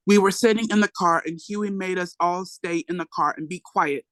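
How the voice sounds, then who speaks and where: A reader delivers a memoir aloud for a book club in a bright, ringing voice. The delivery is emphatic, with salty asides thrown in. The sound is dry and close. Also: mid-range voice, moderate pace, few pauses, dry recording, low-quality recording.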